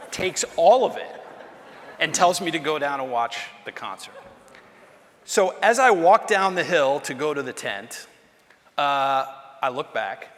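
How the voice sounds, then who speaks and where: A man, a former presidential aide, telling an anecdote during a lecture in an animated way and acting out the dialogue. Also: medium pitch. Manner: animated storyteller, acts out quoted dialogue. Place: lecture hall. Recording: reverberant hall sound.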